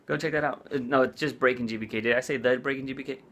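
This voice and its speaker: A man's voice: mid-range voice, steady tone, racing, a bit bright, a little hiss or hum. A man vlogging in a casual chat, rambling with lots of "like" and "uh". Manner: rambling, full of "like" and "uh".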